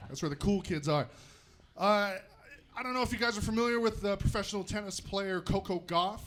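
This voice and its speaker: A man from Utah performing a stand-up comedy set on stage, animated and self-deprecating, chatting with the crowd. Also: high-pitched, brisk. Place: comedy stage before a live audience.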